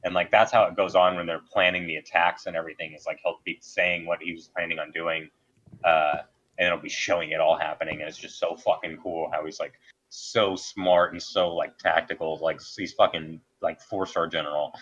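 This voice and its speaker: A man's voice: low voice, flat delivery, a little fast, fairly bright tone, dull audio. A man chatting casually and laid-back, chiming in with agreement and the odd swear word. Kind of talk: casual chat.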